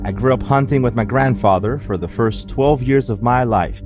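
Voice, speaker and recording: A man with an accent co-hosting a podcast, telling stories in a casual, animated way and laughing often. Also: medium pitch, normal speed, over music. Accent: non-native English. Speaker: podcast co-host. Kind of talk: casual storytelling chat.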